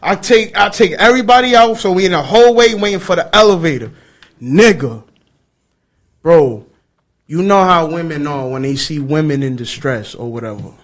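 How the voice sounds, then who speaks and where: A young man telling a story in casual chat, animated, jumping between loud outbursts and hushed asides. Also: on the high side, normal speed. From New York. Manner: animated, swings into loud shouting and hushed asides while acting out quotes. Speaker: podcast co-host.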